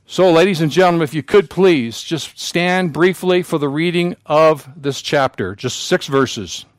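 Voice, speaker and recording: Male pastor, fairly high voice, solemn emphatic sermon delivery, dry recording. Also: measured pace, dry recording. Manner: preaching with solemn emphasis and repetition. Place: church sanctuary.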